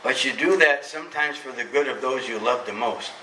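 A middle-aged man preaching a sermon as pastor, emphatic, swinging between loud preaching and soft confiding. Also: mid-range voice, fairly quick, recorded from a distance, slight background noise. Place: church sanctuary. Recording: echoey church hall from off-mic.

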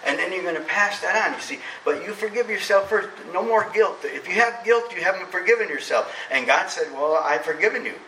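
A middle-aged man preaching a sermon as pastor, emphatic, swinging between loud preaching and soft confiding. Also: high-pitched, expressive, brisk, hardly any pauses, far from the mic, slight background noise. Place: church sanctuary. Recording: echoey church hall from off-mic.

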